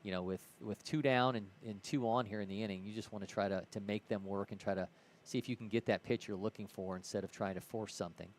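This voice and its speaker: Calling a baseball game live, this Ohio man delivers relaxed play-by-play and fixes his own slips along the way. He speaks fast with hardly any pauses, in a lowish voice with a steady tone.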